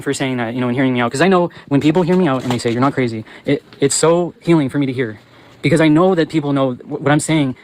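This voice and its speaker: A man with a slightly high voice rants to his viewers, angry and profane, now and then breaking into yells. He talks on the move as he walks along, hosting his own channel. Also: poor audio. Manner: angry, profane, yelling at times; talks while walking. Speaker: channel host. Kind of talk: ranting livestream monologue.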